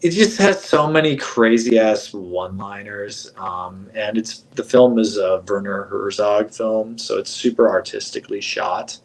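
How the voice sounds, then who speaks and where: Animated swearing man in casual chat. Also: lowish voice, unhurried, few pauses, low-quality recording. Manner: animated, swearing, laughing as he talks. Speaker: guest.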